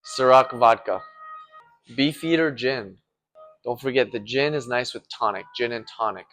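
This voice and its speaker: A man in a restaurant bar talks through its shelf of bottles at an easy, unhurried clip. His voice sits at an ordinary middle pitch, plain and relaxed, with the odd "uh" as he names one bottle after another. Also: soft background music. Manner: plain, relaxed listing with filler ums and uhs. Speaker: restaurant bartender. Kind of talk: casual walkthrough of a bar's bottles.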